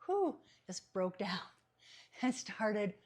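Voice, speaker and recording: This woman, a psychic medium, recounts a story in casual podcast conversation as a guest, taking it slowly. She's medium-pitched and animated, laughing often and voicing the people she quotes.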